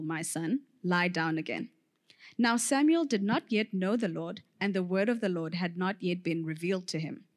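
A woman reading a Bible passage aloud in church, measured and clear. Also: medium pitch. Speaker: scripture reader.

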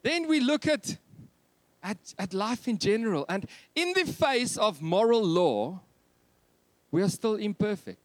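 Animated preacher, high voice. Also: male voice, measured pace, no room sound. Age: 30s. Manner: animated, jokey, swings between loud and soft. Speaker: pastor. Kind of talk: Christmas sermon.

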